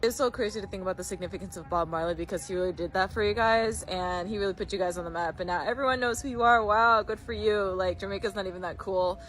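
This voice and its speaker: A woman's voice: medium pitch, quick pace, few pauses, fairly bright tone, slight background noise. A woman commenting in a mocking, sarcastic tone on a social media clip.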